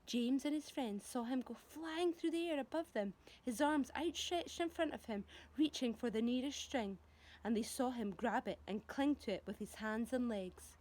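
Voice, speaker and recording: A woman teacher reading a children's book aloud, expressive, with dramatic pauses. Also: a little high. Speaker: primary school teacher.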